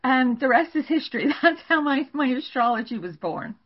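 An older woman, a guest astrologer, telling stories in an animated way and laughing now and then during a podcast interview. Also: high-pitched, moderate pace. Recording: dull lo-fi recording.

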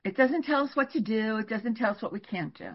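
Husky older woman telling stories, lo-fi. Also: a little high, a little fast. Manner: animated, laughs while telling stories. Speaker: guest astrologer. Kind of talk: storytelling in a podcast interview. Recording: dull lo-fi recording.

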